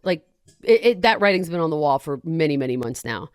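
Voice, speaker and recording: A woman hosting a podcast in casual chat, animated and sarcastic, often breaking into rants. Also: sits low, a little fast, clean tone, dry recording, studio quality. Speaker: podcast host.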